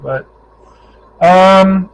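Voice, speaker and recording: A man's voice: high voice, drawn-out words, creaky, a little hiss or hum, rough recording. A middle-aged man from Ohio, a touring cyclist, telling stories from his ride in a casual vlog and acting out the people he met. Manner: animated storyteller, acts out quoted voices.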